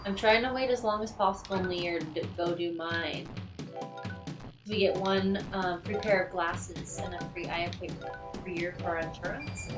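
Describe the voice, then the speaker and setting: A woman's voice: fairly low pitch, moderate pace, distant mic, music in the background. A woman chatting casually on a live stream, playful and talkative, cracking jokes and puns.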